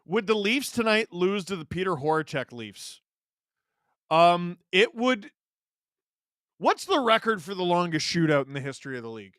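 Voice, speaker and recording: A man's voice: high-pitched, big pitch swings, moderate pace, fairly bright tone, no room sound, studio quality. A man hosting a live stream, giving casual sarcastic commentary while watching a game and reading chat questions aloud. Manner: sarcastic, joking banter.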